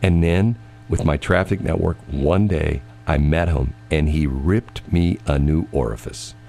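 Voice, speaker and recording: A man's voice: rumbling low, unhurried, vocal fry, dark tone. A man hosting a morning radio show, telling stories in casual on-air chat with a rambling, stammering manner. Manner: rambling storyteller, stammers and repeats words. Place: radio studio.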